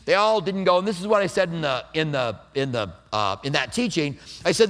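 Fast and with hardly any pauses, a middle-aged pastor delivers a relaxed, conversational sermon laced with self-deprecating humor. His voice is a little high, riding a very lively, swinging melody. Warm explanation gives way to light storytelling, yet he never loses the sermon's thread.

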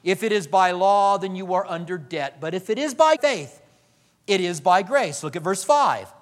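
A man preaching a sermon as pastor, animated, acting out quoted voices and swinging from loud to hushed. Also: sits high, normal speed, in a large hall.

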